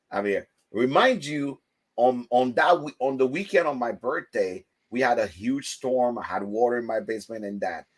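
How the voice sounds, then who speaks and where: A man hosting a casual livestream chat, telling stories with lively, loud acted-out quotes. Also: mid-range voice. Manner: animated storytelling, acts out quotes loudly. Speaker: host.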